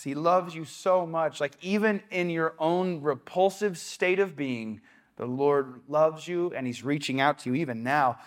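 A young adult man preaching a casual, conversational sermon in a church, breaking into quoted asides. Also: a little high. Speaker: pastor. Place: church sanctuary.

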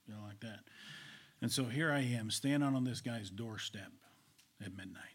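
A male preacher delivering a sermon, storytelling with swings between loud and whispered delivery. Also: medium pitch, brisk, slightly rough.

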